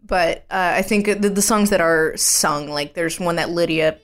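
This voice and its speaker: A woman's voice: fairly low pitch, normal speed. A young adult woman co-hosting a casual podcast chat, talking in a loose, filler-heavy way with frequent laughs.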